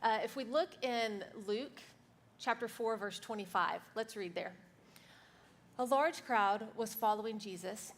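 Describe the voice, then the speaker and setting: Woman co-preaching, reads scripture calm and even, light noise under it. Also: on the high side, measured pace. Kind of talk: sermon.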